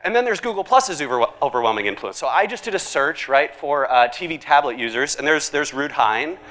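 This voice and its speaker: Bright-voiced man giving a keynote in a hall. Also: on the high side, a little fast. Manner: animated, conversational, jokey asides. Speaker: conference speaker. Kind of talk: keynote presentation. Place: large conference hall.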